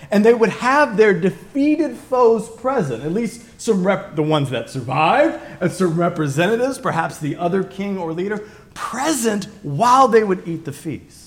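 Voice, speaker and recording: A high-pitched man preaching a relaxed, conversational sermon. He wanders into stories and asides, and he drops from ringing emphasis to near-whispers. He sounds middle-aged. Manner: digressive storyteller, swings from loud emphasis to quiet asides. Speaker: pastor.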